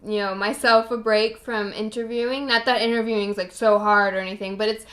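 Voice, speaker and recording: A woman's voice: medium pitch, steady tone, fairly quick, fairly bright tone. Bubbly rambling woman podcast host. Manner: bubbly, rambling, laughs at herself. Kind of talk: casual solo podcast chat.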